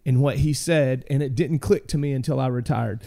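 A man hosting a casual podcast conversation, reminiscing in a relaxed way. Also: medium pitch, brisk, creaky.

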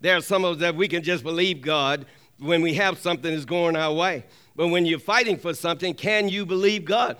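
A man's voice: a little high, brisk, a bit bright, smooth. A man preaching a sermon with emphatic call-and-response, often asking the congregation for an amen and repeating key lines for emphasis.

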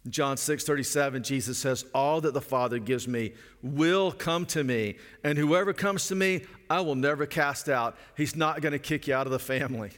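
A middle-aged man preaching a sermon in an earnest way, repeating phrases for emphasis and slowing down on key lines. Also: mid-range voice, fairly bright tone. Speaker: pastor. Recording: long hall reverb.

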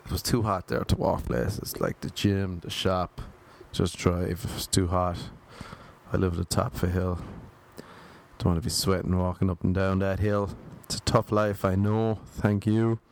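A man's voice: low voice, moderate pace, vocal fry, darkish tone. A man hosting a casual solo podcast, rambling and joking asides to himself. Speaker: podcast host. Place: home in Los Angeles.

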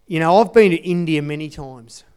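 Speaking at normal speed, this church speaker has a fairly high, smooth, darkish voice. He delivers his testimony as an earnest, conversational sermon, circling back to repeat the key phrases.

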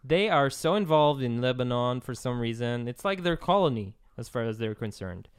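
A podcast co-host chats casually in a smooth, lively, mid-range voice at a moderate pace. The recording is studio quality with no echo.

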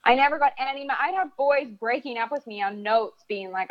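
Animated woman in her thirties telling a story. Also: sits high, brisk, few pauses. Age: 30s. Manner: animated, acts out voices, swears casually. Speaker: guest storyteller. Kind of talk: casual storytelling interview. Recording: dull lo-fi sound.

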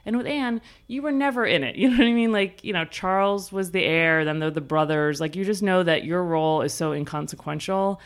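A woman's voice: lowish voice, a little fast, few pauses, clear, resonant tone. A woman co-hosting a podcast in casual chat, talking in loose, restarting sentences full of "like". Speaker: podcast co-host.

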